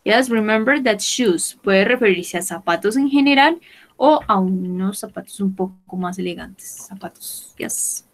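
A woman's voice: mid-range voice, animated, normal speed, rough recording. A woman teaching English vocabulary in an online class, repeating each word patiently for her students and switching into Spanish to explain.

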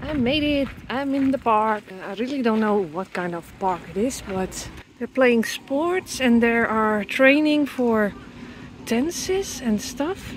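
A woman with a Dutch accent chatting excitedly in English on a handheld travel vlog, breaking into hushed, awed asides. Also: slow pace, pauses often, a little hiss or hum, rough recording. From Netherlands. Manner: excitable, talks to animals in a high baby voice. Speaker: travel vlogger. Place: outdoors in a park and inside a castle in Japan.

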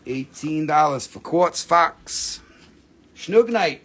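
A man from the Appalachian region of the United States hosts a live online sale, chatting casually in a playful, goofy style full of jokey wordplay. His voice is fairly high and a little slow.

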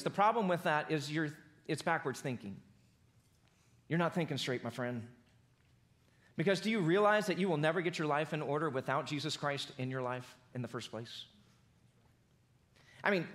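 Pastor, man, casual preaching that swells to emphatic highs, a touch high-pitched. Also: fairly bright tone. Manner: conversational preaching, builds to emphatic peaks. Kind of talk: sermon. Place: church auditorium.

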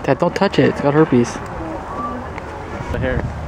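A man's voice: mid-range voice, measured pace, heavy background noise. A man chatting casually in a travel vlog, joking with family and talking to the camera. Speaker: vlogger.

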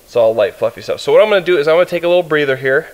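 A man's voice: a little high, expressive, rapid-fire, poor audio. A man casually talking to camera outdoors in the winter woods, rambling and correcting himself, a little out of breath. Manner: rambling, self-correcting, chatty. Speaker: outdoor vlogger.

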